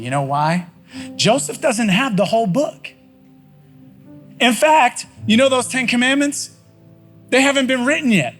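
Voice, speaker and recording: A man's voice: extremely high pitch, lively intonation, measured pace, pauses often, fairly bright tone, faint music behind. A man preaching a sermon in a conversational, folksy way, often repeating phrases for emphasis. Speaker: pastor. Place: church sanctuary.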